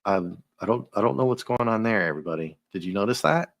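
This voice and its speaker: A man hosting a casual comic book review, joking and animated, often breaking into silly voices. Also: fairly low pitch, fast talker. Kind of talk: casual chat.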